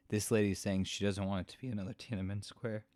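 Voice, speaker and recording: A man hosting a podcast, rambling in a halting, emotional way as he comments on videos and chokes up. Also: on the low side, heavy background noise. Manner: rambling, halting, with many fillers and restarts; emotional, choking up. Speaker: podcast host. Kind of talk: casual commentary reacting to video.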